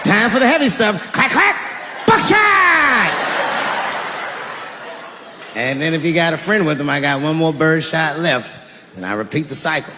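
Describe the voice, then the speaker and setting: A man performing a stand-up comedy set, telling stories with animated delivery and bursts of shouting. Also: a little high, brisk, in a large hall, heavy background noise.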